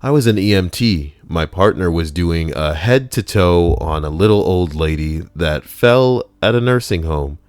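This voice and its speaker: A man's voice: deep voice, animated, a little slow, hardly any pauses, dry recording, studio quality. A man streaming from home, reading stories aloud with wry, joking asides to his chat.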